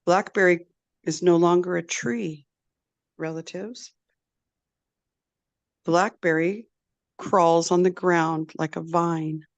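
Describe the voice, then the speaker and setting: A woman storyteller telling a traditional tale in a slow, deliberate, repetitive way. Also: on the low side, fairly even intonation, no echo, dull audio. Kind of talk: oral storytelling.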